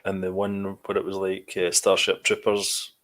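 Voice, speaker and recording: Male co-host, slightly low pitch, hesitant and halting. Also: completely flat delivery, fairly bright tone. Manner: halting, searches for words. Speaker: podcast co-host. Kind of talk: casual chat.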